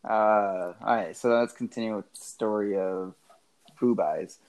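A man's voice: lowish voice, fairly even intonation, unhurried, a little mellow, rough recording. A man co-hosting a podcast, casually and with amusement recapping a movie's plot. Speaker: podcast co-host. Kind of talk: casual movie review chat.

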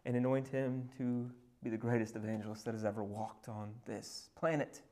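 Man preaching, loud then hushed. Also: mid-range voice, fairly even intonation, moderate pace. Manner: dramatic preaching, swinging from loud emphasis to hushed, near-whispered passages; retells scripture scenes with conversational asides. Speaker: pastor. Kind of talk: sermon.

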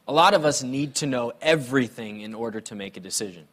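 Speaking fast in a medium-pitched voice, a male pastor shares personal stories during his sermon. His delivery is conversational and lively, laced with playful humor.

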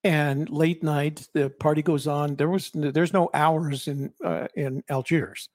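A man's voice: fairly high pitch, fairly even intonation, a little slow, no echo, studio quality. An older man, a co-host and author, talking in a rambling, reflective way with many restarts in a casual chat.

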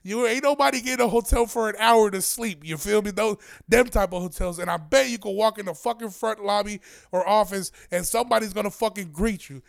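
A young man with a high, gravelly voice rambles through a story in a casual chat. His talk is loose, slangy and full of cursing. The fry in his voice sits under a pitch that rides above most men's. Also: brisk, hardly any pauses. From Aurora, Illinois area.

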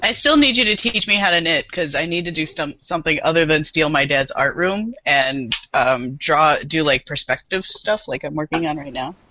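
A woman's voice: deep voice, moderate pace, hardly any pauses, bright, forceful tone, low-quality recording. A woman who works with small children, chatting casually on a podcast and laughing often at herself. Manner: laughs often, playful and self-mocking. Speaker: early childhood educator, podcast guest.

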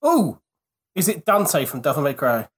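A man's voice: a little high, wildly swooping pitch, normal speed, husky. A man playing a casual podcast quiz, guessing with lots of laughter and swearing. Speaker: quiz player.

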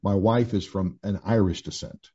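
Dark husky older pastor, lo-fi. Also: male voice, fairly low pitch, steady tone, moderate pace. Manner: candid storytelling with many restarts and fillers. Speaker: pastor and author. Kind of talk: conversational testimony. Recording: dull lo-fi sound.

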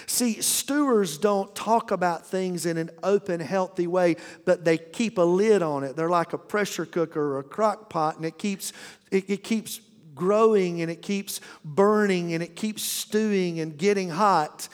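A middle-aged male pastor delivers a folksy, humorous sermon in a church auditorium, often restarting his sentences. His voice is high-pitched and measured in pace, carried by the long reverb of a church hall.

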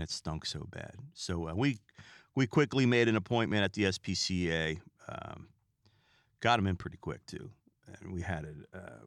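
A man's voice: low voice, fairly bright tone, no room sound, studio quality. A man hosting a podcast, telling stories in a rambling, chatty way with asides to listeners. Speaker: podcast host. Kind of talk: casual comedic storytelling.

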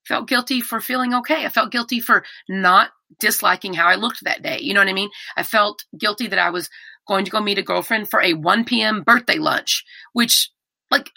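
A woman's voice: mid-range voice, normal speed, creaky, dry recording. A middle-aged woman, a podcast guest talking candidly and animatedly about hard personal things. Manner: candid, animated, many restarts. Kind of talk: emotional personal conversation.

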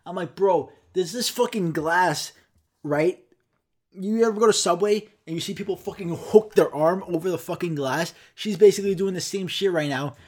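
A young man with a slightly high voice rants into a microphone on his solo podcast. He talks in a profane, exasperated way, swearing constantly and jumping into quoted back-and-forths. He plays both himself and the people who annoy him. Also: normal speed. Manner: acts out customers and himself in quoted dialogue. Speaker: podcast host. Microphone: studio microphone.

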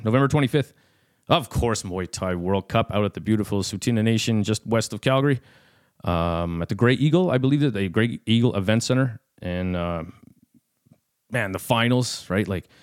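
A man hosting a podcast, giving rambling, joking shout-outs full of fillers and restarts. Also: low-pitched, dry recording, studio quality. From Canada. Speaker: podcast host.

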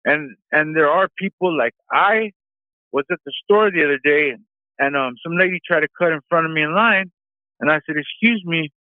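On a phone line, a male caller to a talk show rants in a rambling way, full of ums and you-knows. His pitch is fairly high, and the recording is dry.

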